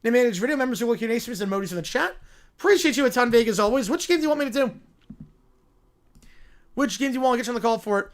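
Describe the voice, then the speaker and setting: A man hosting a livestream speaks in casual chat, quick and offhand, and gives strong opinions. His voice sits fairly high for a man and has a gravelly fry. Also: expressive. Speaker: livestream host.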